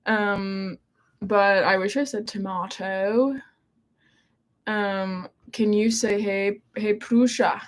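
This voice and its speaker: A woman's voice: medium pitch, fairly even intonation, slow pace. Nasal woman reading chat. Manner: chatty, hesitant with frequent ums. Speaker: livestream co-host. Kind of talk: casual livestream chat reading viewer comments.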